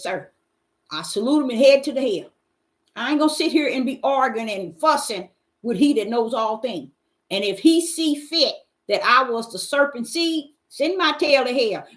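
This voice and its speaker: Animated middle-aged woman preaching informally. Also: on the high side. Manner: folksy and emphatic, often calls out to listeners. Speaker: host answering Bible questions. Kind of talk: informal preaching to a live audience.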